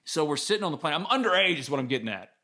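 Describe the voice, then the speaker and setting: A man's voice: on the high side, big pitch swings, very fast, pushed and bright. A man, hosting a casual sports podcast and telling stories in a candid, rambling way. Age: 30s. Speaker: podcast host.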